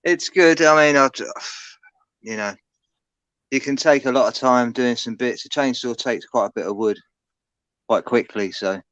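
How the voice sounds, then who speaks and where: A man joining a live chat show as a first-time guest, talking in a relaxed, plain-spoken way over muffled online call audio. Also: medium pitch, moderate pace, pauses often, clean tone, no room sound. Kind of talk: casual chat.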